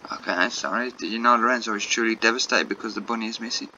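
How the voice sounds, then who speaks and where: A man reads out a polite young game hero, earnest and plain. His voice sits a little low with a bright, forceful edge. The recording sounds dull with faint noise beneath. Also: quick pace.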